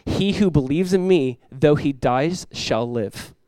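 A man in his thirties, a pastor preaching a sermon and telling a family story with lively, rising emphasis. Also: on the high side, takes it slowly, no room sound. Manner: animated storytelling, rises loud when acting out his talks with his son.

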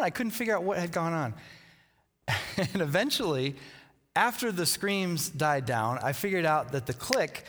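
A man's voice: on the high side, animated, normal speed, a bit bright. A man in his thirties, a pastor, giving a conversational sermon that opens with a chatty personal story he laughs along with. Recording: long reverb from a large hall.

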